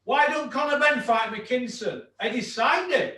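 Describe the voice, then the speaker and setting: A man's voice: very high-pitched, a little slow, bright, forceful tone, roomy sound, recorded from a distance, a little hiss or hum. A man hosting a casual podcast, talking bluntly, swearing freely and ribbing his co-host with mock aggression.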